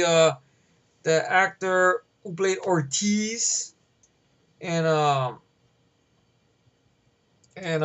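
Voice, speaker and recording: A man ranting casually about a movie, rambling and swearing with many fillers. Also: a little high. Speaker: movie reviewer.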